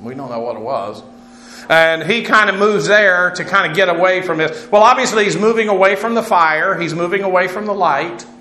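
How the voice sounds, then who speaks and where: A man's voice: high-pitched, normal speed, sharp tone. A man teaching a Bible lesson, walking through Greek words, spelling them out letter by letter with frequent filler sounds. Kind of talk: Greek word-study lecture. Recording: echoey room with faint noise.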